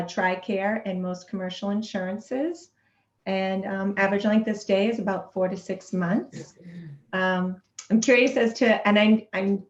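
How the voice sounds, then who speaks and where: A woman from Massachusetts chatting on a video call in a friendly way, with many fillers. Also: medium pitch. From Massachusetts, USA. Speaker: residential treatment center representative. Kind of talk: casual video call chat. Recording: roomy, dull video call audio.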